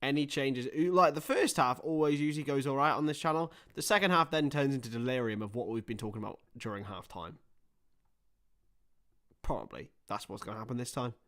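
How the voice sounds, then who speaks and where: A young man hosting a live match watchalong, chatting casually and rambling between topics, with excited bursts of play-by-play. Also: medium pitch, brisk. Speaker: livestream host.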